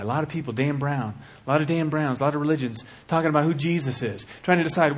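A man preaching a sermon with passion, dropping to a hush and then rising to shouting. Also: fairly high pitch, fast talker, few pauses. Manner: impassioned, swings from hushed to shouting.

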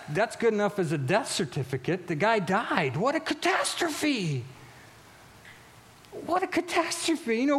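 High-pitched guy preaching, gets loud and worked up, repeats himself a lot, then goes quiet and soft on the sad parts. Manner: animated and emphatic, often repeating words and restarting phrases; drops to a quieter, slower tone for solemn stories. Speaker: pastor. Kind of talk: sermon.

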